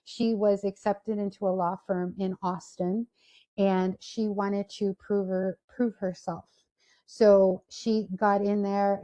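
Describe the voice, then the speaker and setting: On a video call, a woman gives a career talk to an online audience, telling a story and animatedly voicing the people in it. Her voice sits at medium pitch, and the high frequencies are cut off.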